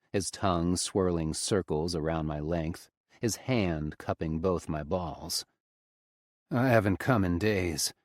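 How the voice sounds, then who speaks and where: A man narrating a romance audiobook in the first person, with a low, intimate storytelling delivery on a close studio mic. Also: no room sound.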